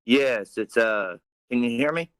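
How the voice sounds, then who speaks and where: A man calling in to a live show, speaking slowly and hesitantly. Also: medium pitch, a bit bright, clear, resonant tone. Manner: slow, hesitant. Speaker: caller, truck driver. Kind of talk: call-in.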